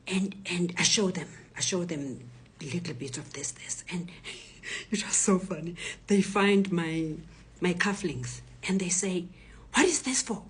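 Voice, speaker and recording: A woman in her sixties with a South African accent, a retired professor telling her own story in a hushed, often whispery voice. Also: fairly low pitch, unhurried, husky. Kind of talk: personal testimony.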